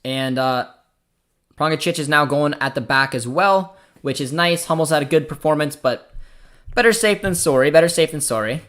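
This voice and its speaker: A man's voice: fairly high pitch, moderate pace, fairly bright tone. A young man from Canada with a Canadian accent, hosting a live football watchalong, chatting casually, reading the chat aloud and reacting to the match. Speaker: watchalong host.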